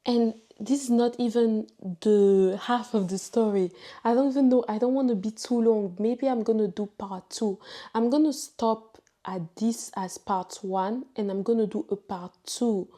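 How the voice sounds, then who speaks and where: A woman vlogger shares a personal testimony in a casual, earnest way. Her voice sits slightly high but sounds mellow and soft. She speaks very slowly and reflectively, often pausing and restarting her sentences. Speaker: vlogger sharing a faith testimony.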